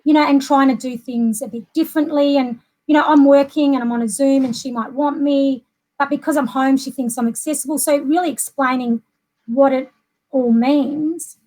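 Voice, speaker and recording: A woman's voice: sits high, fairly even intonation, normal speed, a little mellow. A middle-aged Australian woman talking in a chatty, rambling way with many fillers in a casual conversation. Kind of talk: casual chat.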